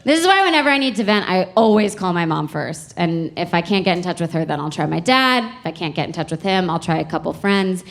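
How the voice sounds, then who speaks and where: Lively young woman doing stand-up. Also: fairly low pitch, quick pace, gravelly, few pauses. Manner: chatty, exasperated storytelling with playful emphasis. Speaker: stand-up comedian. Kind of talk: stand-up comedy set. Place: comedy club stage.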